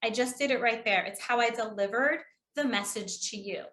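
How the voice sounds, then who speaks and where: Woman, New England accent, public speaking trainer, quick chatty delivery, echoey room. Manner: lively, demonstrates delivery with shifting pitch; chatty, casual, fast-talking. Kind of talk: online training presentation.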